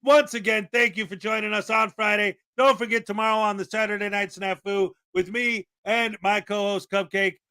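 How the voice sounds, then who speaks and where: A man's voice: high-pitched, fairly even intonation, moderate pace, few pauses, bright, forceful tone, no echo. A man hosting a casual livestream commentary show, chatty, with frequent fillers and laughs. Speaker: livestream host.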